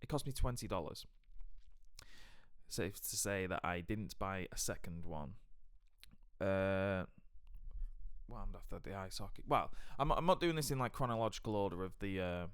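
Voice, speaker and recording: A man's voice: deep voice, lively intonation, normal speed, pauses often, smooth, no room sound, studio quality. A young man who co-hosts a podcast, telling rambling, chatty travel anecdotes with frequent restarts. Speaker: podcast co-host. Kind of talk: casual podcast storytelling.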